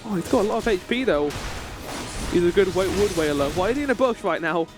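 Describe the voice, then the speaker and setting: A man's voice: high voice, expressive, fast talker, over music. A young man casually commenting on his gameplay, joking and swearing freely. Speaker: streamer.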